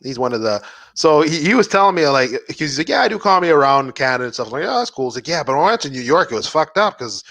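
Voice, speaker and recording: A man's voice: fairly high pitch, animated, fast talker, a bit bright, no echo. A man from Montreal co-hosting a casual podcast chat, rambling with fillers in every phrase. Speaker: podcast co-host.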